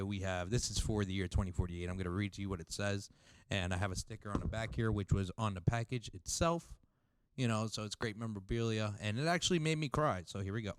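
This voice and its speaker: A man's voice: on the low side, clear, resonant tone, no echo. A man hosting a podcast, chatting in a laid-back way and swearing casually. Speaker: podcast host. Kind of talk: casual chat.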